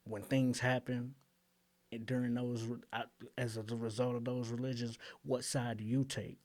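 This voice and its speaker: A man hosting his channel, breaking down rap lyrics in blunt, animated casual commentary full of slang and "um"s. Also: mid-range voice, normal speed.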